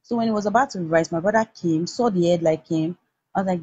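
A young Nigerian woman with a husky voice, heatedly retelling a personal story with many restarts. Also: fairly low pitch, fast talker, warm tone, no echo. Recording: dull lo-fi recording.

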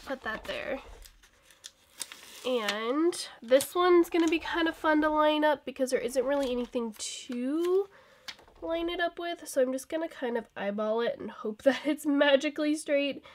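Young woman vlogger, fairly high voice, sick with a cold, rambling and laughing casually. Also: measured pace, a little hiss or hum. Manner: chatty and rambling, laughs often. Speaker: planner vlogger. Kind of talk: casual plan-with-me chat.

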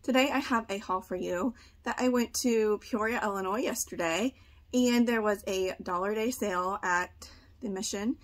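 A woman's voice: medium pitch, moderate pace. Woman, young, pregnant, slightly breathless, chatty, filler-heavy, indoors at home, camera mic. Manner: chatty, thinking aloud, frequent "like" and "uh". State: heavily pregnant, a little short of breath. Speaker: part-time online reseller. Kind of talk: casual thrift haul vlog. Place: indoor room at home, seated before camera.

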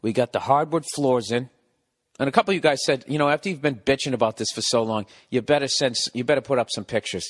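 A man's voice: medium pitch, in a large hall. A man in his forties with a Boston accent hosts a podcast from his home, ranting sarcastically and swearing in a rambling comic monologue. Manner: profane, sarcastic, animated rants. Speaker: podcast host. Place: home, recording indoors.

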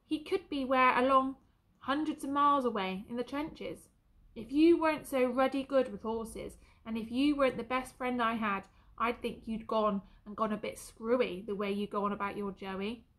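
A woman voicing a blunt young male soldier who teases his friend loudly. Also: a little high, normal speed, natural voice. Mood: teasing.

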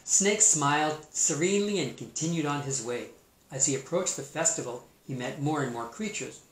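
A man, a teacher, reading a storybook aloud in a playful, expressive way and adding his own comments on the story. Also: fairly high pitch, moderate pace, a little hiss or hum. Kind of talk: storybook read-aloud with asides. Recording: roomy echo.

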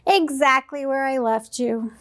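Woman voicing a little male squirrel, storybook, very high voice, slow, playful. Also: a bit bright. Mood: excited.

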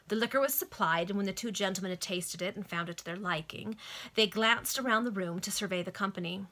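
A woman narrates a novel for friends over a video call. Her reading is expressive and lightly amused, and her voice is bright and forward. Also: medium pitch, fast. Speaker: reader.

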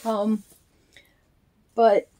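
A middle-aged woman with a slightly high voice chats slowly in a heartfelt vlog. She gushes thanks to a friend as she opens her mail. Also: monotone, dark tone. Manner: slow, heartfelt, gushing with thanks. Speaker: reborn doll vlogger. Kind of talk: casual chat, unboxing.

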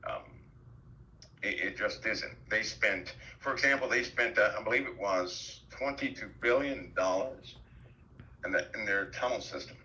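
A man speaking on a headset as a guest on a talk show, halting, with many fillers and restarts. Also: lowish voice, sharp tone, low-quality recording. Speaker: guest commentator. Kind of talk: call-in talk show chat.

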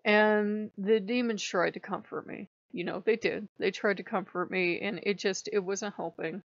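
A woman's voice: medium pitch, steady tone, moderate pace, creaky, no echo, muffled recording. A woman hosting her own channel, telling a personal story in a frank, rambling way and swearing often. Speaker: spiritual channel host. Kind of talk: emotional personal vlog.

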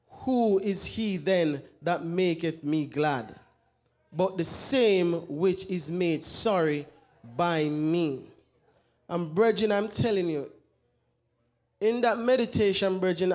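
Brief: man, church brother preaching encouragement, earnest, fairly high voice. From Jamaica. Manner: earnest, repeatedly addresses the brethren, reads scripture slowly. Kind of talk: sermon exhortation.

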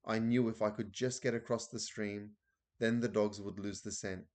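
An elderly grandmother, read by a man, recounting a narrow escape in a breathless, vivid rush. Her voice sits fairly low, and the storybook reading keeps her close to the narrator's own tone. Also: steady tone, normal speed, a little mellow, lightly acted. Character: elderly grandmother telling a thrilling tale.

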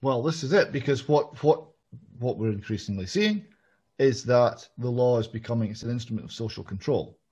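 A man from Scotland, hosting an interview and speaking in a measured, analytical way. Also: medium pitch, lively intonation, darkish tone, slightly rough. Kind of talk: political interview. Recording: muffled lo-fi audio.

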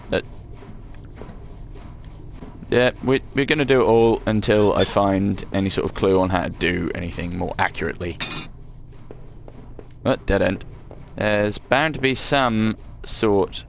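Low and creaky, this man's voice comes with slight background noise. He's a let's play gamer chatting casually over his gameplay, poking fun at himself and cursing occasionally.

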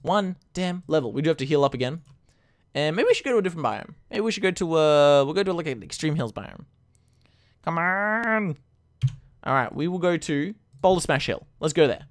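A man giving casual, excitable commentary on a game he is playing, moving from quiet mumbling to sudden loud outbursts. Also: a little high, a little fast. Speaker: gaming YouTuber. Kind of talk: casual Let's Play commentary.

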